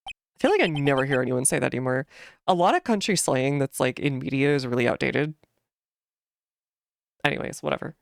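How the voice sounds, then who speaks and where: Low gravelly young woman rambling over her game, lots of "like"s, voice bounces all over. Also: lively intonation, a little fast, long pauses, dry recording. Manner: rambling, many fillers and restarts, giggly. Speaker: streamer playing a game. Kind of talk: casual game commentary.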